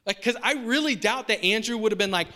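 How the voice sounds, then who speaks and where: Bright-voiced casual preacher man. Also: high-pitched, fast talker. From United States. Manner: casual, chatty, sprinkles in "like" and "right?". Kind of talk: conversational sermon.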